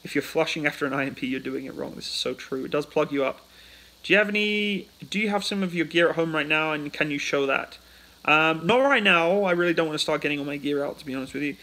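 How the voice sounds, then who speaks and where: A chatty British man hosts a casual livestream and answers viewer questions into a phone. His voice is bright and forceful. It sits slightly high for a man. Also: fast, creaky, low-quality recording. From United Kingdom. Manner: chatty, reads out chat questions then answers. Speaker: livestream host.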